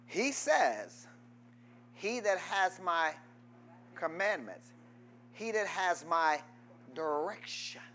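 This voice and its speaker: A man pastor preaching a sermon, quizzing his congregation in call-and-response and swinging from loud exhortation to low asides. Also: big pitch swings, very slow, pauses often, a little hiss or hum.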